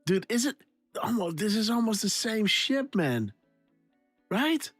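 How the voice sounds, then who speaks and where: A man's voice: high-pitched, sing-song, measured pace, a bit bright, slightly rough, no room sound. Guy chatting on a livestream, laughs a lot, mimics sounds, dry close sound, music behind. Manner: laughing, repeats himself, imitates sound effects. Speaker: livestream host. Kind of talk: casual livestream commentary.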